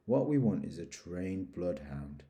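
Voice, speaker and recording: A man voicing a gloomy, self-pitying old grey donkey in a storybook reading, slow and mournful. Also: deep voice, big pitch swings, warm tone, full character voice.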